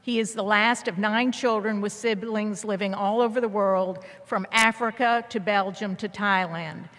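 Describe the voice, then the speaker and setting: A woman's voice: mid-range voice, steady tone, moderate pace, fairly bright tone. A woman introducing a guest speaker at a graduation ceremony, reading from a prepared text. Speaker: ceremony presenter. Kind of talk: formal introduction read aloud. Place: large hall. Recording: long reverb of a large hall.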